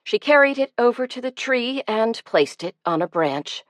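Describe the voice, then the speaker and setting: A woman narrating an audiobook in a measured, gentle storytelling manner. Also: fairly high pitch, expressive, no room sound. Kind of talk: scripted narration.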